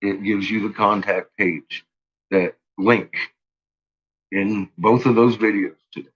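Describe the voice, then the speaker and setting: A man's voice: on the low side, steady tone, slow, fairly bright tone, breathy edge, dull audio. A man vlogging an angry rant to his viewers. He swears constantly and stumbles through restarts. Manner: agitated, profane, stumbling restarts.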